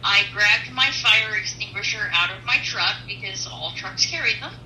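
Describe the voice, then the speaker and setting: A woman truck driver telling a personal faith testimony in an earnest, animated storytelling manner, with pauses. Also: medium pitch, echoey room, far from the mic, slight background noise, rough recording.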